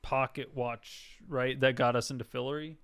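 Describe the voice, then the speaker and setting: A man's voice: medium pitch, fairly even intonation, moderate pace, fairly bright tone, clean tone. A man joking and chatting casually during a tabletop role-play podcast.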